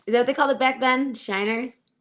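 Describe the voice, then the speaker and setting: A woman's voice: high-pitched, fairly even intonation, quick pace, fairly bright tone. Chatty Chicago woman, noisy line. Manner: chatty, teasing. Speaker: podcast co-host. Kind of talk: casual podcast chat. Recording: clear background noise on the line.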